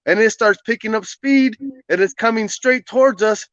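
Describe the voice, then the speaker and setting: A man who is a podcast guest, casually telling a personal story in an animated way, often laughing and acting out what people said. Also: high voice, normal speed, no room sound, highs cut off.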